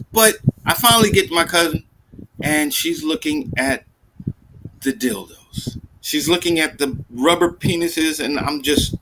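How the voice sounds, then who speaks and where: A man doing seated stand-up, telling a profane story in an animated way and jumping into high, exasperated outbursts. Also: background noise. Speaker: stand-up comedian.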